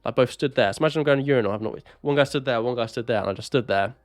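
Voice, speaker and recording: A man's voice: mid-range voice, rapid-fire, no room sound. Rambling young man, dry close sound. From England. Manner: rambling, self-mocking storytelling with many fillers. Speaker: podcast co-host. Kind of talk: casual chat.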